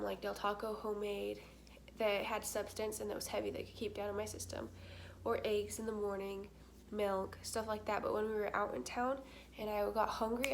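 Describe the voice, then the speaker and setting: A woman's voice: medium pitch, creaky, slight background noise. A young adult woman vlogging in casual chat, candid and talkative, with frequent filler words.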